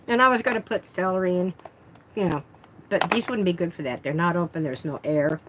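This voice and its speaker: Fairly low-pitched and fairly quick, a woman chats through an art supplies unboxing in her vlog, with background noise present. She speaks with her mouth full and keeps up a rambling, self-deprecating commentary.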